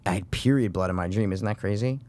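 A man's voice: fairly low pitch, fast, darkish tone. A man in casual chat, telling rambling stories full of fillers and swearing.

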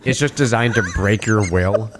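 A man in a casual film chat, rambling in an animated and exasperated way. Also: on the low side, normal speed, noisy background.

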